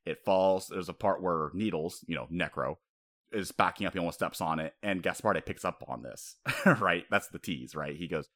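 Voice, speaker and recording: A man co-hosting a casual chat, talking in an animated way, laughing often and acting out quotes. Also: low-pitched, normal speed.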